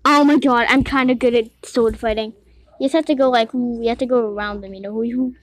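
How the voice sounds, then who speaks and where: A woman giving casual commentary while playing an online game, excitable, giggly and quick to get frustrated, talking to herself. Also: on the high side, no room sound. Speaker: gamer playing a Roblox game. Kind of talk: casual let's-play commentary.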